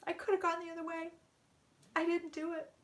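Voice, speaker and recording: A woman's voice: very high-pitched, completely flat delivery, fairly quick, pitched above the performer's own voice. A woman voicing the channeled spirit of a regretful man who keeps repeating himself in anguish.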